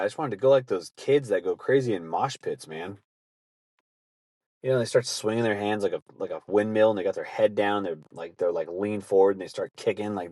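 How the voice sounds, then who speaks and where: A man with a fairly low voice hosts a podcast, telling rambling stories in a casual way. He swears freely and laughs often at his own tales. The sound is dry, with no room echo. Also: a little mellow. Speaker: podcast host. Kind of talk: casual storytelling.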